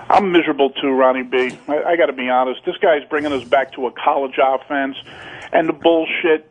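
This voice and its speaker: A man calling in to a radio show, grumbling and swearing in a blunt way. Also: mid-range voice. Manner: gruff, grumbling, profane. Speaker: regular caller. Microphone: phone line. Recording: tinny phone line.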